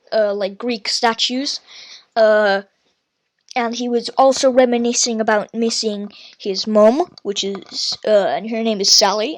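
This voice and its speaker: A woman hosting a casual podcast, reviewing a book and reading pages aloud, chatty with many fillers and quick self-corrections. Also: fairly high pitch, fairly bright tone, no echo. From Ireland. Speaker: podcast host.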